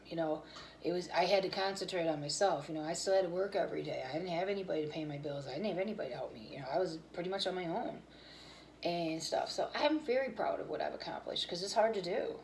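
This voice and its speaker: A woman's voice: lowish voice, fast talker, darkish tone, slight background noise, low-quality recording. Tired, rambling cooking-show woman. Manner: rambling, candid, talks about fitness and feelings. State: tired, yawning. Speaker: cooking channel host. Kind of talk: casual chat to viewers.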